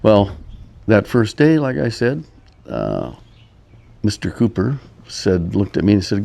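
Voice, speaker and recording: A man's voice: lowish voice, huge pitch swings, creaky, mellow, slight background noise. An older man telling rambling personal stories in a casual, meandering way, chuckling often. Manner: meandering, chuckling, many pauses. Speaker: storyteller. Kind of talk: casual storytelling.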